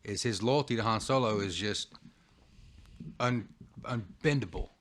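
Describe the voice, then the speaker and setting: A man guest on a casual podcast, talking earnestly and haltingly, with restarts. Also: on the low side, fairly bright tone.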